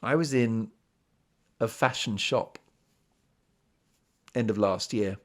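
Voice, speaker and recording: A slightly low-voiced man from Britain hosts a solo podcast in casual monologue. He rambles and mocks himself, drifting into asides and catching his thread again. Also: slow pace. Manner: chatty, self-mocking, rambling with asides. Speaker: podcast host.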